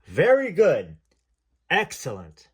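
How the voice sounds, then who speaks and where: A man's voice: mid-range voice, big pitch swings, moderate pace. A man voicing a friendly, encouraging male television producer in a read-aloud memoir. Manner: encouraging, upbeat.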